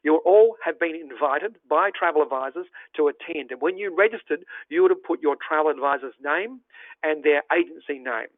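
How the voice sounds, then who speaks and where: A man's voice: on the high side, normal speed, no room sound. An Australian man giving an upbeat, folksy online travel presentation over a video call. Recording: tinny phone-like dry audio.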